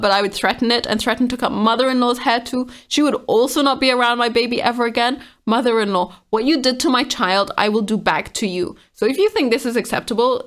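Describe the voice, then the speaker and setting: A woman's voice: fairly high pitch, fairly bright tone. A woman casually reading online comments aloud and reacting to them with frank exasperation.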